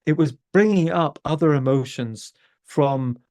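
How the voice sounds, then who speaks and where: A man, a podcast host telling a story with exasperated, animated energy. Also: on the high side, measured pace. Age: 50s. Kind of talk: conversational storytelling.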